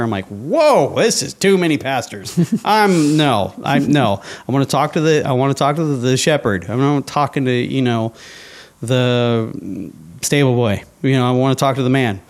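An interview guest with a mid-range voice, speaking at normal speed, tells a personal story in a casual way. He acts out the thoughts he had back then.

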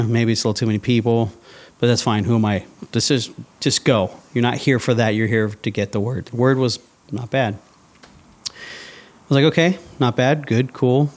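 A man's voice: medium pitch, a little mellow. A man in an interview, telling a personal story casually and acting out his own past thoughts. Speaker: interview guest.

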